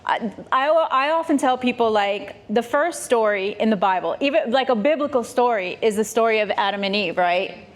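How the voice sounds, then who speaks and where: A woman podcast guest telling a story in slangy, animated conversation, laughing often. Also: on the high side, normal speed. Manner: laughing, slangy, lots of restarts.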